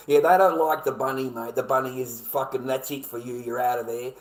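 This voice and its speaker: A man's voice: mid-range voice, steady tone, fairly quick, hardly any pauses. A man with an Australian accent delivering a blunt, profane rant, full of swearing and repeated phrases. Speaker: vlogger. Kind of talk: angry ranting monologue. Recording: echoey room.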